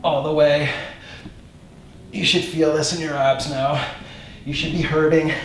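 A man's voice: on the high side, level tone, a little slow, roomy sound, slight background noise. A male fitness instructor coaching a home workout, counting reps aloud and calling out short commands.

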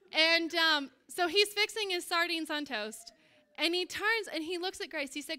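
A middle-aged woman preaches a sermon from a church stage. She tells stories with animation and energy. Her voice sits high and sounds bright and forward. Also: lively intonation, normal speed. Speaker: pastor.

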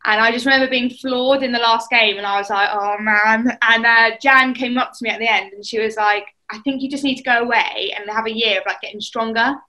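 A young English woman chats easily through her sporting memories. Her voice is bright and a touch high, and she slips into other people's voices when she quotes them. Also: steady tone, fairly quick, few pauses, poor audio. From England. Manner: chatty storytelling, acts out quotes. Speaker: netball player. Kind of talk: casual chat.

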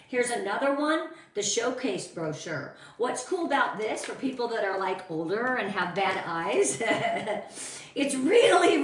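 Chatty upbeat woman, team trainer, fairly high voice, roomy echo, a bit off-mic. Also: recorded from a distance, slight background noise. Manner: bubbly and chatty, greets viewers by name. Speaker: team leader of sales consultants. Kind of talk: casual live-stream training. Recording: echoey room, voice off-mic.

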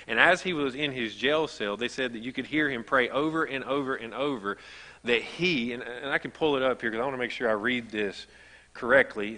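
A man's voice: mid-range voice, fairly quick, bright, forceful tone, big-room sound. A man preaching a sermon as pastor, telling stories in a conversational way that builds to emphatic. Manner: conversational storytelling, rising to emphatic. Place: church sanctuary.

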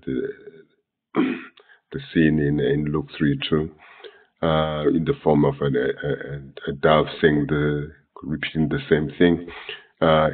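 Reading scripture from one translation after another, a man teaches in a very deep, husky voice that comes across flat and halting. He clears his throat, corrects himself and leans on fillers, while the tinny, thin sound suggests a distant phone-line recording.

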